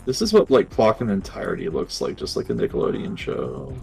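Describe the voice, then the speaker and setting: A man's voice: low voice, huge pitch swings, vocal fry, a little mellow, slightly rough, soft background music. A man chatting casually in a gaming commentary, rambling and restarting his sentences. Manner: rambling, halting, many restarts.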